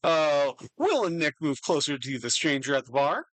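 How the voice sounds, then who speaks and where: Lively guy running a tabletop game, bright voice, dry close mic. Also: fairly high pitch, normal speed, no room sound. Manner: animated, jumps between narration and playful put-on voices. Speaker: game master. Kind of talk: narrating a tabletop role-playing game.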